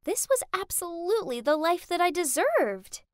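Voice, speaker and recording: A young woman narrating a first-person animated story in a dramatic, emotional way. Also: extremely high pitch, moderate pace, no room sound, studio quality.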